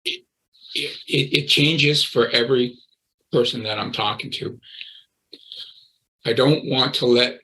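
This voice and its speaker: A man's voice: medium pitch, unhurried, long pauses, sharp tone, rough recording. An older man, a recovery coach, speaking as a guest on an interview podcast in a blunt, direct, emphatic way. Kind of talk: interview conversation.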